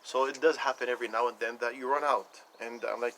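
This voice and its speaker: A man's voice: medium pitch, steady tone, fast talker, gravelly, few pauses, a bit bright, a little hiss or hum, low-quality recording. A man talking casually into the camera, rambling and repeating himself as he retells conversations. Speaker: vlogger. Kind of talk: casual personal rant.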